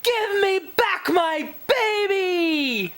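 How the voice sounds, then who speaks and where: A woman's voice: deep voice, very animated, extremely slow, full character voice. A woman voicing a worried, protective father in a picture-book story, pleading and exasperated.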